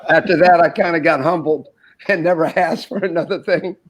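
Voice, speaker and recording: A man's voice: a little high, brisk, poor audio. A man in his sixties from the United States, a former basketball player telling anecdotes as a podcast guest, acting out dialogue and chuckling often. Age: 60s. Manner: animated storyteller who acts out dialogue, chuckles often. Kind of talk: anecdotal storytelling in an interview.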